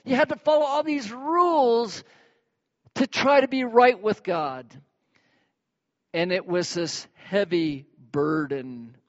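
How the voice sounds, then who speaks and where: Man, pastor, animated sermon, high pitch, long reverb. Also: slow pace. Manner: animated, acts out examples with sudden high bursts. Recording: dull sound with long hall reverb.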